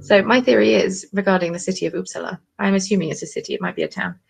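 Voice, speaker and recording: A young woman hosting a live craft stream, chatting in a bubbly, excitable way. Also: medium pitch, fast talker, gravelly, slightly rough. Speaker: craft channel host. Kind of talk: casual live-stream chat.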